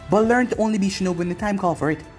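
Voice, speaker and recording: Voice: medium pitch, racing, darkish tone, soft background music, natural voice. A reader voicing a protective ninja mother who speaks earnestly and firmly to her son.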